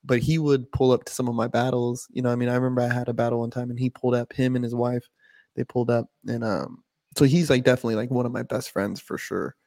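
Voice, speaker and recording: A man's voice: mid-range voice, fairly even intonation, fast talker, gravelly, a little mellow, no echo, studio quality. A man co-hosting a casual podcast, telling loose profane stories full of "bro" and "like". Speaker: podcast co-host. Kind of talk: casual chat.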